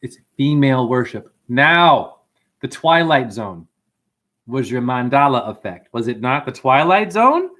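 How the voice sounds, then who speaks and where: He speaks at a measured pace in a medium-pitched voice, hosting a livestream. His talk wanders, excitable and profane, as he tells stories and replies to viewers' comments.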